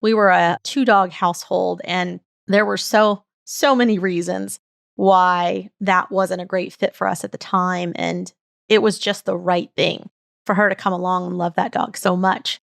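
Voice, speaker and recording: Woman host, middle-aged, earnest storyteller, gravelly voice, dry close sound. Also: fairly low pitch, steady tone, unhurried, no echo. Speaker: podcast host. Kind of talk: personal storytelling.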